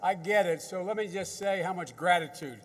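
A man's voice: high voice, moderate pace, big-room sound. An older American man giving a folksy, rambling off-the-cuff speech to soldiers at a ceremony, with many restarts and repeated words. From United States. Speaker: government official addressing troops.

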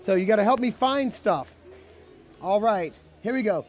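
Man, storybook reader, very high voice, lively swooping delivery, outdoor event, faint music in the background. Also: normal speed, a faint crowd. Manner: playful, calls out questions to the kids. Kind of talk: lively read-aloud to a young crowd.

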